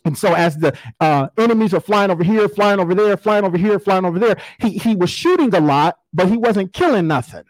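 A man's voice: high voice, lively intonation, a little fast, hardly any pauses, no room sound, rough recording. A man, preaching a sermon in a folksy, conversational storytelling way. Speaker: pastor.

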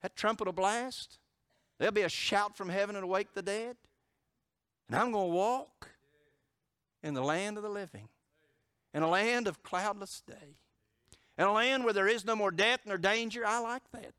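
Male pastor, impassioned sermon, bright forceful tone, soft-to-loud swings. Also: high-pitched, normal speed, long pauses, clean tone, dry recording, clean studio sound. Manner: impassioned preaching, swinging from loud emphatic declarations to hushed storytelling.

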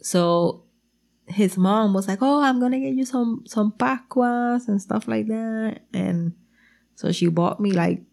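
A woman with a gravelly edge tells a funny story in loose, animated chat. She switches between English and Spanish mid-sentence and swears freely, laughing often as she talks. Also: medium pitch, takes it slowly. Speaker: girlfriend telling stories about her partner.

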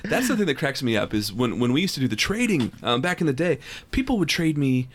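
A man's voice: medium pitch, big pitch swings, fast, a crowd in the background. A man co-hosting a podcast, chatting casually and cracking jokes with frequent laughter. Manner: joking, laughs often. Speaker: podcast co-host. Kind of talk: casual chat.

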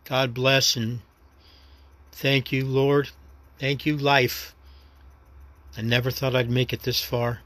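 A man's voice: mid-range voice, little pitch movement, slow, long pauses, fairly bright tone, no echo. A man from New York City with a New York accent, hosting his own podcast in a rambling, reflective, understated personal monologue. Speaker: podcast host.

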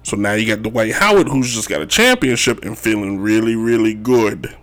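A man's voice: lowish voice, expressive, normal speed, a bit bright. A man hosting a casual sports talk show, rambling and joking about basketball moves, often tossing in "if you will.". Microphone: wearing Chicago sports gear.

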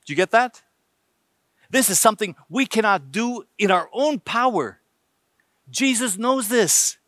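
Man, preacher, sermon, high voice, emphatic, rhetorical questions. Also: lively intonation, a little slow, a bit bright, no room sound, clean studio sound.

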